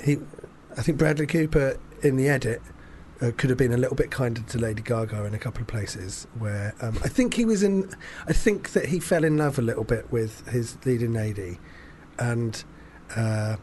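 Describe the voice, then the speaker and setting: A man talks through a casual chat in a loose, rambling way, full of asides and swearing. His voice sits at an ordinary pitch for a man. A faint hiss of noise runs underneath. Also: normal speed, hardly any pauses. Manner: rambling, animated, swears freely. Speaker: podcast host.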